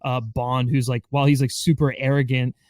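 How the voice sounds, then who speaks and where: A man's voice: medium pitch, little pitch movement, brisk, darkish tone, dry recording. Male podcast guest, eager and chatty, dry recording. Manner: enthusiastic, full of "like". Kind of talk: casual podcast chat.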